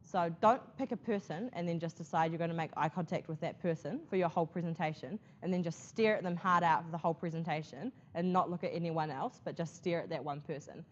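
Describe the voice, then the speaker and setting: A woman's voice: fairly low pitch, fast talker, few pauses, slight background noise. A woman teaching a class about presentation skills, chatty, checking in often with "okay?". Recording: muffled classroom recording.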